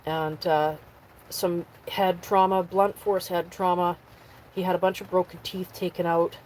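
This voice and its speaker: Talking on a livestream from her camper van, this woman addresses both her viewers and her dogs in a chatty, casual way, her pitch leaping up for the dogs. She speaks a little slowly in a level, darkish tone. The audio is poor, with slight background noise.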